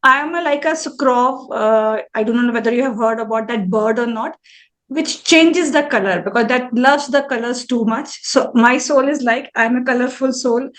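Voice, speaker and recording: A woman in her forties answers an interviewer in front of a live audience, in a high, bright register. She is earnest and reflective, and she often restarts her sentences midway. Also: normal speed. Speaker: interview guest, mandala artist.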